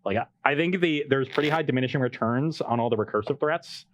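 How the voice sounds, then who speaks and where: A man's voice: medium pitch, a bit bright, a little hiss or hum. A man playing a card game match on a show, thinking aloud about his hand and deck choices. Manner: fast, thinking aloud with restarts. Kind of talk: casual banter while playing.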